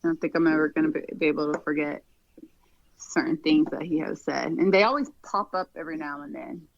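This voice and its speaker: A woman guest on a podcast, talking in a relaxed, rambling way with lots of fillers. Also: deep voice, fairly quick, creaky, lo-fi sound, background noise. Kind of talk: casual conversation.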